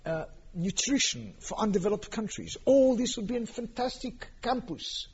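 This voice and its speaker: A man telling a long story in a sermon, animated and acting out the characters' quotes. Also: sits high, breathy edge. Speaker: rabbi lecturer. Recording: lo-fi dull recording.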